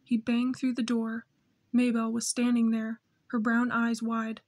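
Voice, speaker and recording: A woman reading a novel aloud in steady, measured scripted narration. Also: fairly high pitch. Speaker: audiobook narrator.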